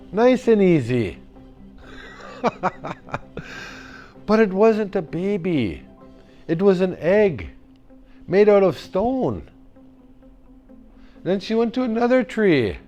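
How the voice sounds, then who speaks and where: A man telling a traditional story to children in a slow, deliberate way. His voice sits fairly high, and he is animated, using sound effects and call-and-response. Soft music plays faintly behind him. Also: muffled recording.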